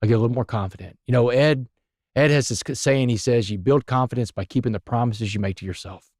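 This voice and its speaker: A man with a drawl tells a story at a rapid clip, leaning on words for emphasis. His voice sits in an ordinary male range. The sound is close and dry. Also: mid-range voice, a little mellow, dry recording. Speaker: podcast guest. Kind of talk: storytelling interview.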